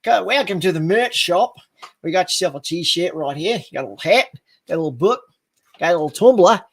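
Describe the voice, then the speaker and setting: A man's voice: sits high, lively intonation, a little fast, slightly rough, exaggerated voice. A man putting on a chirpy merch salesman. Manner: breezy sales patter, calls listener mate. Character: chirpy cheeky male merch salesman, upbeat.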